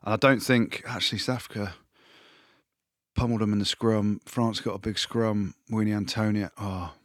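A man co-hosting a casual sports podcast, chatty and excitable, his voice jumping up when he jokes. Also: normal speed, dry recording, clean studio sound. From Wales. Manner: excitable, jumps up in pitch when joking. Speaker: podcast co-host, pundit.

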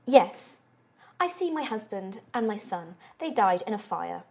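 A woman game master voicing a wary, scarred halfling woman prisoner who talks softly and calls people dearie. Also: very animated, a little slow, creaky. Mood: guarded. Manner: high, soft, calls others dearie.

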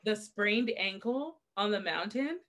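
A woman's voice: mid-range voice, expressive, slow pace, a bit bright. A young adult woman co-hosting a podcast, telling a long personal story in casual chat and laughing often. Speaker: podcast co-host.

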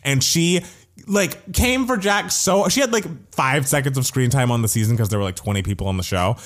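A man's voice: medium pitch, expressive, fairly quick, fairly bright tone. A man in casual chat, gossiping animatedly and swearing, mimicking people as he retells.

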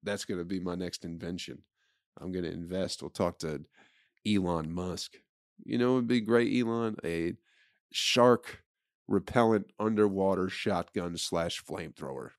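Host: man, low voice, dry close mic, swearing and riffing loosely through a solo comedy bit. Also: a little slow, dry recording. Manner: profane, rambling, riffing. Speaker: podcast host. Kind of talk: casual comedy podcast monologue.

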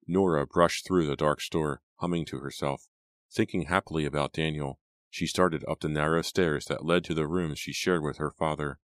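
A man narrating an audiobook in a steady, dramatic storytelling manner. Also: a bass voice, no room sound, studio quality. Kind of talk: scripted narration.

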